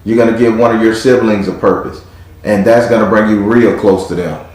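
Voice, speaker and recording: A man's voice: lowish voice, fairly even intonation, a little fast, a little mellow. Profane, hyped-up man reading tarot. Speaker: tarot reader. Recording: very echoey room.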